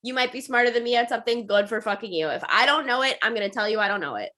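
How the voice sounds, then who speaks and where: A woman's voice: fairly high pitch, lively intonation, racing, pushed and bright. A woman co-hosting a podcast in casual sports chat, opinionated and emphatic. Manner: opinionated, emphatic, cheers her co-host on. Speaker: podcast co-host.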